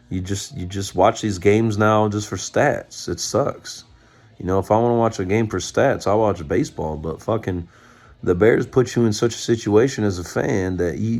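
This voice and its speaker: A man with a low, deep voice rants as a sports fan, swearing freely and getting fired up. He mocks the people he talks about by putting on quick quotes of them. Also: darkish tone. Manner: profane, fired-up ranting; mocks others with put-on quotes. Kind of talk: ranting fan commentary.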